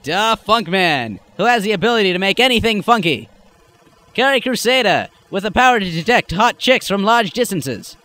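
A teenage boy delivers over-the-top superhero narration in an announcer style. His voice sits high and swings widely for mock-dramatic effect. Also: animated, moderate pace, bright, forceful tone. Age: late teens.

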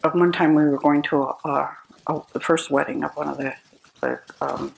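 A woman's voice: sits low, fairly even intonation, normal speed, vocal fry, slight background noise, low-quality recording. An older American woman giving a personal talk to an audience, telling stories with wry, self-deprecating humor. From United States. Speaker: speaker, philosopher.

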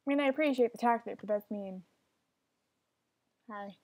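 A woman's voice: a little high, normal speed, darkish tone. A young woman giving casual commentary while playing an online game, often frustrated and swearing at other players. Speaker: gamer.

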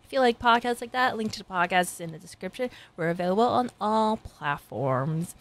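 A woman's voice: medium pitch, lively intonation, a little fast. A young woman reacting to an anime episode, gushing, squealing and laughing, then chatting casually to her viewers. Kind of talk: excited reaction commentary.

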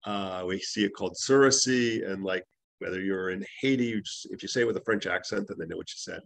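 A man with a gravelly, somewhat low voice teaches a live class on herbs. He talks casually and rambles into anecdotes, full of ums and restarts. His voice sounds dry and close, with no room echo. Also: fast talker, fairly bright tone. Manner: casual storytelling, frequent fillers and restarts.

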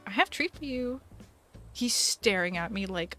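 A woman's voice: mid-range voice, animated, measured pace, a bit bright, soft background music. A woman streamer chatting casually on a live stream, giggling often and talking to her pets. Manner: bubbly, giggly, baby-talks to her pets.

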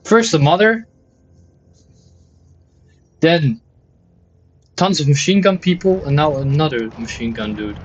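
Exasperated gamer guy, lively swooping pitch. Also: measured pace, pauses often, husky, dull audio, soft background music. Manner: exasperated, swearing, joking complaints; switches into mock German and Dutch. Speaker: gaming video host. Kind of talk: let's play commentary.

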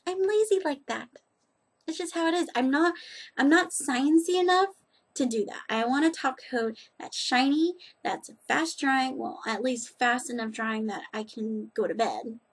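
A woman's voice: high-pitched, unhurried, breathy edge. A woman chatting casually in a rambling, self-deprecating way as she reviews nail polish on her vlog.

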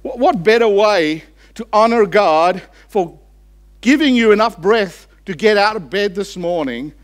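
High-voiced impassioned male preacher. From Australia. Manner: impassioned preaching, rising for emphasis then dropping low and slow. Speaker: pastor. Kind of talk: sermon.

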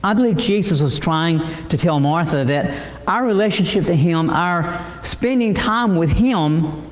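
A man's voice: high voice, expressive. Man preaching in an echoey church. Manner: halting, with frequent repeated words and fillers. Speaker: pastor. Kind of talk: sermon. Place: church sanctuary.

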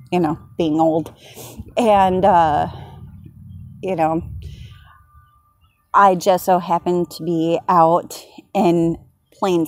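A woman vlogger tells a story in a casual, chatty way. She talks slowly and keeps breaking into giggles. Faint noise sits behind her voice. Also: fairly low pitch, a little mellow. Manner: giggly, laughs often while telling.

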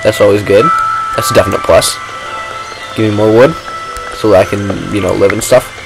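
A man's voice: lowish voice, fairly even intonation, normal speed, gravelly, music in the background, poor audio. A man giving rambling, self-mocking commentary while playing a video game. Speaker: gaming vlogger. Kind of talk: casual gameplay commentary.

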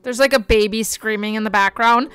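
A young woman streaming a game, chatting excitably and gasping as she plays. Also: a little high, brisk, clear, resonant tone, faint music behind. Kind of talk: casual gameplay commentary.

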